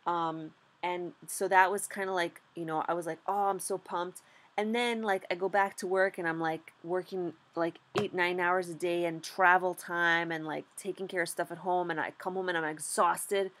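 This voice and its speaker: A young adult woman, new to stock trading, recaps her experience in a casual vlog, animated and candid, saying "like" a lot and swearing often. Her voice is fairly low, and she talks at a normal speed.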